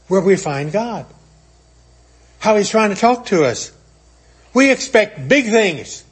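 A man with a high, light voice preaches a sermon. He speaks earnestly and retells scripture, voicing its quotes as he goes. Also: breathy edge.

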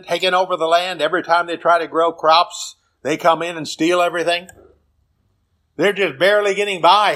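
An American man preaching a sermon. His questions rise to a plea, and he drops low and soft when he reads scripture. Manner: emphatic, rising to pleading questions, dropping low and soft on scripture.

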